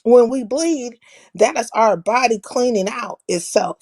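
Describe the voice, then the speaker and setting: A woman with a somewhat high voice hosts a live stream. She talks bluntly and profanely in a casual, opinionated monologue. She often cracks herself up. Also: expressive, measured pace, darkish tone. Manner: blunt, profane, laughs at her own jokes.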